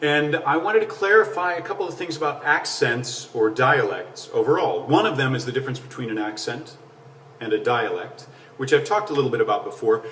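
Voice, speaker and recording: Middle-aged male accent coach, patient teacher, mid-pitched voice, a bit off-mic in an echoey room. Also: expressive, a little fast, a bit bright, slight background noise. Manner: clear, patient explaining with rhetorical questions. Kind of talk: explanatory talk to camera. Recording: roomy, slightly distant mic.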